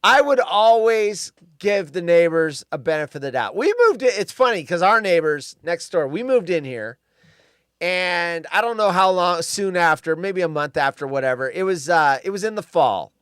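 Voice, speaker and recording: A man with a high, smooth, resonant voice, recorded close and dry. He talks bluntly in casual chat, swears freely and raises his voice when he quotes himself. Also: animated, normal speed, no echo. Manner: blunt and profane, loud when quoting himself. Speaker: podcast co-host.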